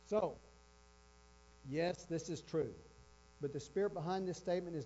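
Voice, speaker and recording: A man's voice: fairly high pitch, moderate pace, long pauses, warm tone. A man preaching a sermon with emphasis, repeating his key phrases. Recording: dull lo-fi with faint electrical hum.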